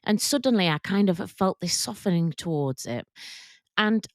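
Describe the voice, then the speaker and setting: A woman coach hosting a podcast, telling a personal story in a soft, reflective and openly emotional way. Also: lowish voice, animated, normal speed, no echo, studio quality. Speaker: podcast host and work confidence coach.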